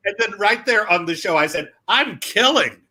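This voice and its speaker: A male comedian on a video call, telling stories in a lively chatty way with quick asides. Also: sits high. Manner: animated, quick asides, acts out quoted voices. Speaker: comedian guest. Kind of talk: casual comic storytelling.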